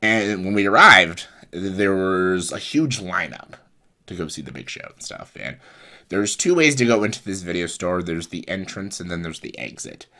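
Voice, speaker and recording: A man's voice: low-pitched, expressive, normal speed, sharp tone. A young man telling a rambling personal story in a casual way, full of fillers and restarts. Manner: rambling, with fillers and self-corrections. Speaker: vlogger.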